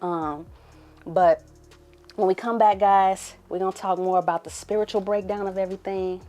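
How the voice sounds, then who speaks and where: A young adult woman hosting her own podcast, talking candidly to the camera and sometimes dropping to a hushed murmur. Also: medium pitch, fairly even intonation, normal speed, soft background music. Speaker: podcast host. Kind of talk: casual emotional monologue to camera.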